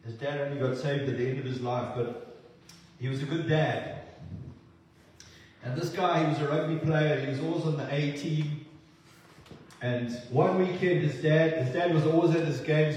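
A man preaching a sermon in a church, earnest and halting, often repeating words as he restarts. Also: medium pitch, a little mellow, slight background noise. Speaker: pastor. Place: church hall. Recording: echoey hall, distant mic.

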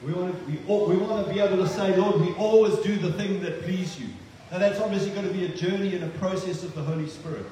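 Male pastor, earnest sermon delivery, mid-high voice, distant mic, roomy church echo. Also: fast talker, mellow, slight background noise. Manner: earnest, repeats words for emphasis. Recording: echoey hall, distant mic.

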